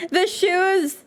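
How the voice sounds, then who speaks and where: High-voiced swearing woman streamer. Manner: fast, animated, swears a lot; reads and answers chat. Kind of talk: casual stream chat recapping a trip.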